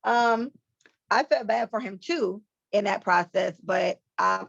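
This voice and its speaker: Gravelly, blunt-talking woman podcaster. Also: mid-range voice, slow, dry recording. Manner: blunt, profane, animated storytelling. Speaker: podcast co-host. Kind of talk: casual commentary. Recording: slightly muffled dry podcast mic.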